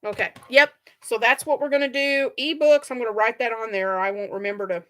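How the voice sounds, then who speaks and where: A middle-aged woman with a fairly high, very bright voice hosts a relaxed livestream. She chats and rambles with her viewers, often breaking into laughter as she goes. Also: fairly quick. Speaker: crochet channel host. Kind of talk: casual livestream chat with viewers.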